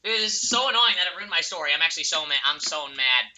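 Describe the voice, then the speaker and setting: A young man streaming a game, ranting furiously at other players with profanity and yelling insults, then drifting back into telling a personal story. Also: on the high side, lively intonation, fast.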